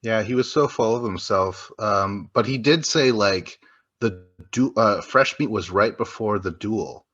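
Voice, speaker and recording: A man's voice: on the low side, a little slow, a bit bright, highs cut off. A man co-hosting a podcast, chatting casually and profanely about a reality show, joking and rambling. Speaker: podcast co-host. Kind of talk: casual podcast recap chat.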